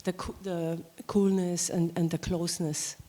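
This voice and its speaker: Woman in the audience, soft mellow tone, kinda halting as she asks. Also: lowish voice, flat delivery. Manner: hesitant, halting questioning. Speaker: audience member asking a question.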